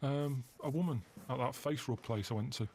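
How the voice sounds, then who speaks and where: A man in casual chat, telling rambling deadpan stories. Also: mid-range voice, moderate pace, slight background noise. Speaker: podcast guest.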